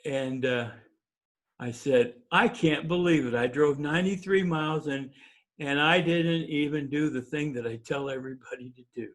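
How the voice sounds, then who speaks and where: A man telling a personal story in a talk, chuckling often and acting out the dialogue. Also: moderate pace. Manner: chuckles while telling stories; acts out dialogue with big pitch jumps. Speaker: speaker.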